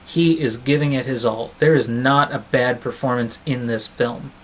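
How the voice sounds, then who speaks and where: A man talks through a casual film review for his vlog. His voice sits at an ordinary middle pitch and he rambles from one tangent to the next. Faint room ambience hums quietly behind him. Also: fairly even intonation, normal speed, slight background noise, rough recording. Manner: rambling, digressive, chatty.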